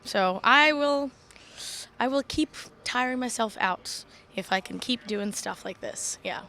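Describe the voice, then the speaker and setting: A young woman from Long Island, a professional wrestler chatting as an interview guest in an animated, laughing way. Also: on the high side, measured pace. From Long Island, New York. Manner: animated, laughing, self-deprecating. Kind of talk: casual interview chat.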